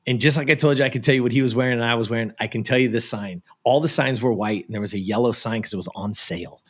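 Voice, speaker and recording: Male interview guest from the US, animated storyteller, average pitch. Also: racing. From United States. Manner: animated, acts out the voices of people in his story. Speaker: guest, productivity and life coach.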